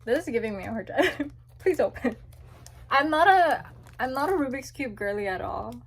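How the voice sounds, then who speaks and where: A young woman chatting casually as she unboxes albums, gushing and squealing with excitement. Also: high voice, normal speed, a little hiss or hum.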